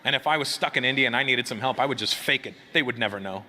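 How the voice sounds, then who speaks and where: A man's voice: mid-range voice, very fast. A man doing a stand-up comedy routine on a club stage, telling stories and chatting with the crowd, acting out both sides of each exchange. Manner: animated, acts out both sides of conversations. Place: comedy club stage before a live audience. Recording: noisy live club recording.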